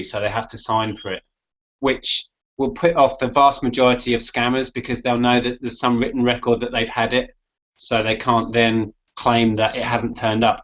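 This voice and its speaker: Male co-host, steady explainer, slightly muffled lo-fi audio. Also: mid-range voice. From United Kingdom. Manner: steady, explanatory, reads questions aloud. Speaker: co-host reading viewer questions. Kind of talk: casual podcast chat. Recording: dull lo-fi audio.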